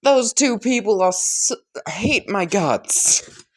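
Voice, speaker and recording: A man's voice: a little high, lively intonation, measured pace. A man voicing a big male hero who whines and pleads in a fan story. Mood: whining. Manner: whining, pleading.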